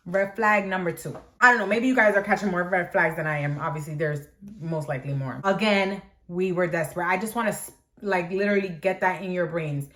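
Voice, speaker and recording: A woman's voice: fairly low pitch, brisk, fairly bright tone. Chatty young woman telling a dramatic story. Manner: chatty, dramatic, heavy on fillers like "like". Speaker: vlogger. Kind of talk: storytime vlog.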